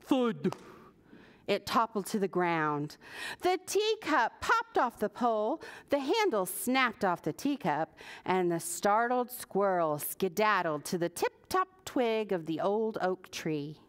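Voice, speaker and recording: A woman librarian reading a picture book aloud at preschool story time, animated and asking the children questions. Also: medium pitch, takes it slowly.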